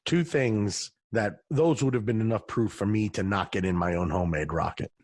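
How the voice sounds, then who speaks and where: A man with a slightly husky voice talks casually on a podcast and spins wry, rambling rants. The recording is dry and close. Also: on the low side, darkish tone, no echo. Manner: wry, conversational, drawn-out rants. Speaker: podcast co-host. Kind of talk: casual chat.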